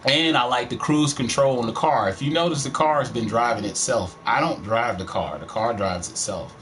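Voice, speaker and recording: A middle-aged Texan man with a country twang talks over his gameplay in a loose, rambling way, swearing freely. His voice sits at an ordinary middle pitch. A faint hum of room noise runs underneath. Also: normal speed, fairly bright tone. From Texas. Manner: rambling, profane, laid-back. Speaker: gaming streamer. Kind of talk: casual let's-play commentary. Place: home, live stream.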